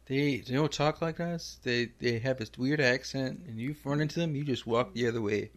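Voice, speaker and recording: A man voicing a deadpan, clannish male loon, tagging his lines with "eh?" in an improvised comedy interview. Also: medium pitch, moderate pace, natural voice.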